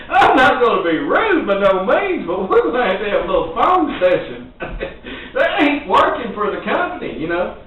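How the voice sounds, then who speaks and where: Man, high voice, folksy, rambling, distant, echoey, tinny audio. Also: big pitch swings, moderate pace, fairly bright tone. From Western Kentucky. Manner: folksy and rambling, laughing often. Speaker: sales trainer. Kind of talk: motivational talk.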